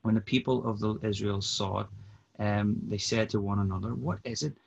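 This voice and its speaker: A man joins the podcast as a guest, talking easily and reading a long scripture passage at a steady pace. His voice is low, and it comes through dull, lo-fi video call audio. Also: moderate pace, gravelly. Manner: easygoing, reads scripture steadily. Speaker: podcast guest, mission partner. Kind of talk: casual chat and scripture reading.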